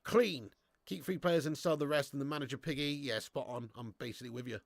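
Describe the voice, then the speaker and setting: A man hosting a live football watchalong, excitable and swearing freely while chatting to viewers. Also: medium pitch, a little fast, no echo, clean studio sound.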